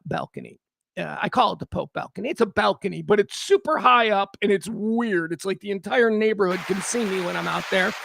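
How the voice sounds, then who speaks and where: Guy hosting a livestream, bright voice, rambling and wry. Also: sits high, gravelly, dry recording. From south side of Chicago. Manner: rambling, wry, animated asides. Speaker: livestream host. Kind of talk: casual livestream chat.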